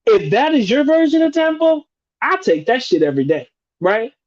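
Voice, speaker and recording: A man's voice: very high-pitched, very animated, moderate pace, dull audio. A man hosting a live stream, chatting casually and profanely, restarting and rephrasing as he goes. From United States.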